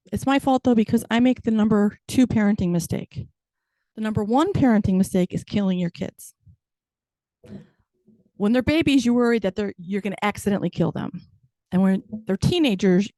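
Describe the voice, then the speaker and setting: A woman's voice: medium pitch, dark tone, dry recording. A woman in her fifties performing a stand-up comedy set with wry, self-deprecating punchlines. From United States. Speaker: stand-up comic.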